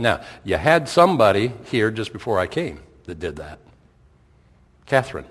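A man's voice: on the low side, husky. A middle-aged man, a pastor, preaching a sermon in a conversational way, firing rhetorical questions and repeating his points. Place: church sanctuary. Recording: long hall reverb.

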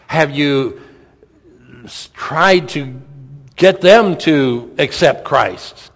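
A man's voice: a little high, animated, very slow, creaky. A middle-aged man, a pastor, preaching a sermon in a conversational way, firing rhetorical questions and repeating his points. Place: church sanctuary. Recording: long hall reverb.

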